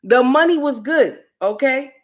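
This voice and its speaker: Slow, preachy woman on a livestream. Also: high-pitched, lively intonation. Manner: preachy, repeats lines for emphasis. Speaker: livestream host. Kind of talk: casual commentary livestream.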